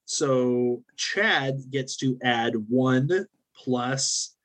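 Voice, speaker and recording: A man running a tabletop role-playing game as game master, relaxed and joking as he rules on dice rolls. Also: mid-range voice, drawn-out words.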